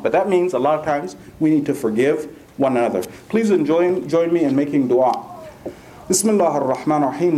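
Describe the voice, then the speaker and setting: A man preaching a sermon, an animated storyteller who mixes in jokes and often asks his listeners "right?". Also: high-pitched. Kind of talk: Ramadan sermon with humorous anecdote.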